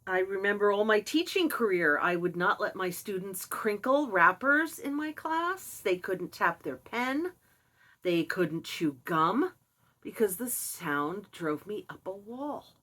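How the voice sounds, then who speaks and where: An older woman telling a personal story in a casual, candid way, with animated asides and laughs. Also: medium pitch, slow, rough recording. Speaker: vlogger sharing personal experience.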